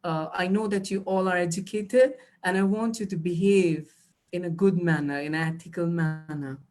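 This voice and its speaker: A woman's voice: lowish voice, moderate pace, darkish tone. A woman teaching an exam-prep class live, giving tips and calling students "dear". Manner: instructive, addresses students as dear. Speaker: IELTS trainer. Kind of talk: live online class, answering chat.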